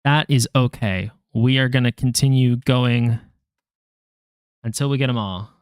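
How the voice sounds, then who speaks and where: This young language-learning vlogger works through flashcards in casual self-talk, sounding out each syllable and poking fun at his own slip-ups for viewers. He speaks unhurriedly in a medium pitch with a clean tone. The studio recording is dry and clean.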